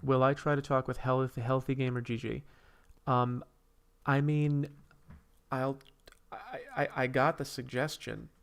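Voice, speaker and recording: A man's voice: mid-range voice, little pitch movement, measured pace, vocal fry, clear, resonant tone. A man hosting a casual livestream, rambling while he reads and answers viewers' comments and draws. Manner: drawing while talking. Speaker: streamer host.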